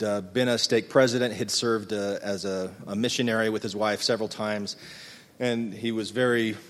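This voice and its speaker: A middle-aged man telling a reflective personal story to a live audience, earnest and halting, thinking aloud as he speaks. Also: fairly low pitch. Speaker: speaker recounting his folklore research. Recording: long hall reverb.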